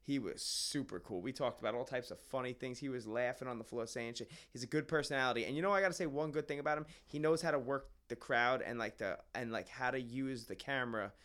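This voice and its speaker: Quick-talking New guy, barber, salty storyteller on a podcast. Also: mid-range voice, a bit bright. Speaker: barber guest. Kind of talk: casual podcast chat.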